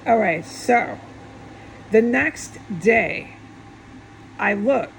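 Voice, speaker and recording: Gravelly-voiced woman ranting agitatedly. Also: a little high, animated, very slow, a little hiss or hum, poor audio. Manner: agitated, profane outbursts. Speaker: vlogger. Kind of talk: rambling monologue to camera.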